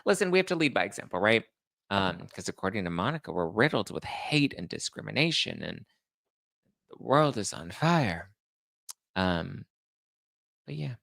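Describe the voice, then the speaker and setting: A man with a lowish, gravelly voice chats through viewer comments as a show host. He keeps it sarcastic and animated, and the close, dry sound has almost no room in it. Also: normal speed, long pauses, no echo. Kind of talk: casual chat reading viewer comments.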